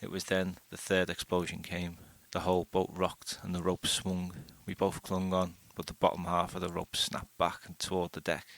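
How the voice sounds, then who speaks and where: A man reading a first-person short story aloud in a steady, unhurried way. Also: low voice, gravelly, dry recording. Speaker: audiobook narrator.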